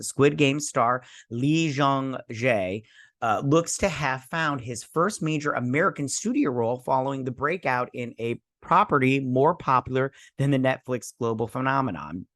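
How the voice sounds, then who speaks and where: Bright-voiced man chatting casually. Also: mid-range voice, animated, normal speed. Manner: rambling, opinionated asides between read-out passages. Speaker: host. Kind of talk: casual news roundup with commentary.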